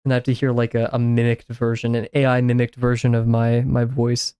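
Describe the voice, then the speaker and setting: A man's voice: medium pitch, monotone, a little fast, mellow, clean tone, dry recording. A man musing aloud as he draws, his talk loose and full of fillers and restarts. His voice sits mid-range and sounds dry and close, with almost no room around it. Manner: rambling, filler-heavy musing. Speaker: art streamer. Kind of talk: casual chat while drawing.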